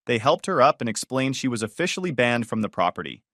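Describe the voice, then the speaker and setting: Male narrator, scripted story, wry and scornful, lively pitch, dry close sound. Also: fast talker, dry recording.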